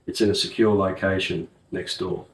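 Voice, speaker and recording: A man's voice: low-pitched, fairly even intonation, moderate pace, a little hiss or hum, natural voice. A man voicing a brash male crew leader in an audiobook, blunt and bossy. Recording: roomy, distant mic.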